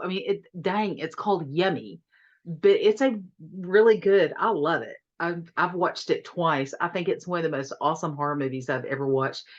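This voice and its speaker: A woman's voice: fairly low pitch, muffled recording. A woman reviewing a horror movie in a chatty, giggly way, often repeating her words. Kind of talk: casual video review.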